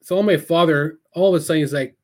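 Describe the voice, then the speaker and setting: A man with a lot of nervous energy holds forth in a loose chat. He swears freely, restarts his sentences and launches into animated anecdotes. His voice sits a little on the high side. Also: quick pace. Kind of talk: casual chat.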